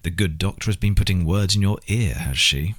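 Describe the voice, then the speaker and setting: Guy doing a slow sneering slavic-accented oligarch, smug and menacing, kinda husky. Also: deep voice. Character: sneering middle-aged male oligarch boss. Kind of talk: audiobook character reading.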